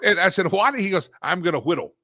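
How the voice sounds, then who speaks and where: A man hosting a talk show, telling stories in a lively, animated way with frequent laughs and sudden loud bursts. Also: high-pitched, fast talker, dry recording, clean studio sound. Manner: animated storyteller, laughs often, swings loud. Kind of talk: casual talk show banter.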